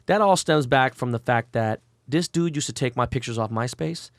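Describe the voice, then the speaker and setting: A middle-aged man telling unfiltered stories as an interview guest, profane and animated, and he acts out quotes in a raised voice. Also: mid-range voice, moderate pace, no echo, clean studio sound. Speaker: guest, celebrity jeweler.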